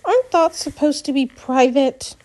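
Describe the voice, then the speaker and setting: A woman narrating a novel aloud in the first person, in an unhurried, measured audiobook reading. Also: high voice, very animated, warm tone.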